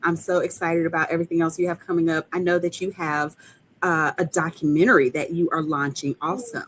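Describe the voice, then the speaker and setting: A woman hosting an interview, warmly affirming her guest and chiming in with agreement. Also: deep voice, little pitch movement, fairly quick, slight background noise. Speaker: host. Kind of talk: conversational interview.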